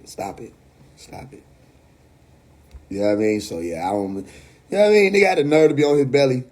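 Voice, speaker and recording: Livestream host, New York man, husky tone, blunt and profane, casual rant on a phone mic. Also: mid-range voice, sing-song, rapid-fire, a little mellow. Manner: blunt, profane, laughing asides.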